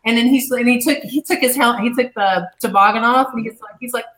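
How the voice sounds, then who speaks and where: A woman's voice: on the high side, quick pace. A woman guest in an interview, telling her stories bluntly and with lots of swearing. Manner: blunt, profane, animated storyteller. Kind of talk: casual storytelling interview. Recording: echoey room.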